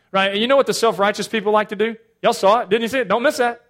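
A male pastor preaching a sermon, swinging between loud emphatic lines and hushed asides. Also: high-pitched, fairly even intonation, rapid-fire, hardly any pauses.

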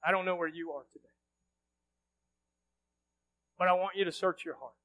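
A man's voice: sits high, steady tone, normal speed, narrow, tinny audio. A man preaching as pastor, leading an altar call and then praying with earnest, pleading fervor in a church. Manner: earnest, pleading, rising to fervent prayer. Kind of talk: sermon altar call and prayer. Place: church sanctuary.

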